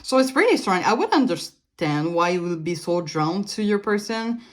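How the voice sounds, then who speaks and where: Her voice sits on the low side with big pitch swings, and she speaks at a normal speed. A French-speaking woman from Canada, she leads a casual pick-a-card tarot reading, rambling with frequent fillers and restarts and laughing lightly.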